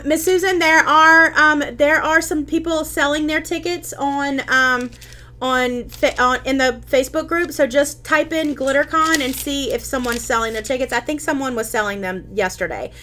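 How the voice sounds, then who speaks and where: A woman's voice: high voice, bright, forceful tone, slight background noise. Chatty woman hosting a craft live stream. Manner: chatty, with frequent ums and restarts. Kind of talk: casual live-stream craft tutorial, answering viewer comments.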